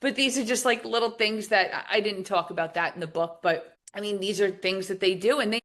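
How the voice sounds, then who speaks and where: A middle-aged woman from New Jersey, a podcast guest talking casually, animated and emphatic as she tells stories. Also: mid-range voice, a little fast. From New Jersey, USA. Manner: animated storyteller, lively emphatic outbursts. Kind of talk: casual conversational interview.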